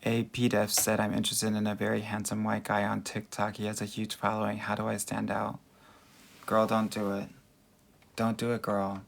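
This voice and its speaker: A man's voice: on the low side, monotone, normal speed, gravelly. A man working as a dating coach, answering viewer comments in a chatty livestream Q&A with a Valley Girl voice and mannerisms, calling everyone girl and honey.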